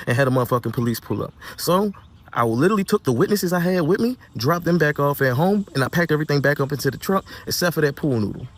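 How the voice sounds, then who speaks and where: A young man telling his side of a breakup in a heated personal rant, acting out the quoted lines and swinging from soft to loud. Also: fairly high pitch.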